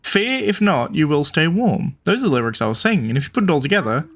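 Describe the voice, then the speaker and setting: A man's voice: fairly high pitch, big pitch swings, fast talker, a bit bright. A man voicing a vain young woman singer in a game, self-satisfied and defensive. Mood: smug.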